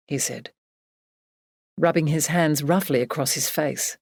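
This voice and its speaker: A woman with a low voice reads a romance novel aloud in a measured, even way. The recording is very dry and close, with no room sound. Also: creaky, slightly rough, no room sound. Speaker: audiobook narrator. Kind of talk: scripted narration.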